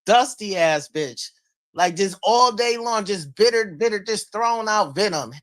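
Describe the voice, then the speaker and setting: A streamer delivers an unscripted rant into a streaming mic, with a voice of middling pitch. The talk is heated and profane, circling back to the same insults again and again. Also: fairly bright tone. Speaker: live-stream commentator. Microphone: streaming microphone.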